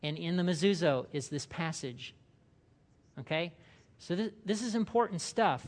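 A man giving a sermon in a chatty, lively way. He checks in with his listeners and reads scripture aloud, speeding up and slowing down to press his points. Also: on the high side, big-room sound. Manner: conversational, asks the room questions, reads scripture aloud. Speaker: pastor.

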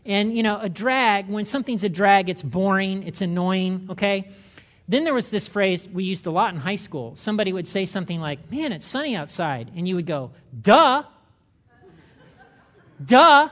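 An older man preaching a sermon, animated, acting out the voices of the people he quotes. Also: high-pitched, fairly quick. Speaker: pastor.

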